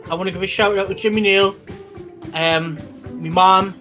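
A man guests on a comedy podcast, his voice a little high. He rambles through daft answers in a flat, deadpan tone. Music plays clearly in the background. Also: moderate pace. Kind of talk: comic podcast banter.

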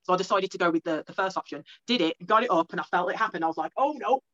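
A woman's voice: lowish voice, racing, fairly bright tone, lo-fi sound. An English woman in her thirties, a strength athlete telling stories in a casual interview, chatty and full of restarts. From England. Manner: chatty storytelling with many restarts. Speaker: strongwoman athlete guest.

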